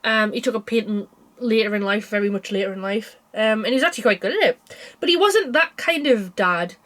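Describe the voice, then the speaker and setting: A woman's voice: mid-range voice, expressive, brisk, fairly bright tone. A young woman chatting casually about cross stitch designs, tired and yawning, rambling with small laughs. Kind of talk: casual chat.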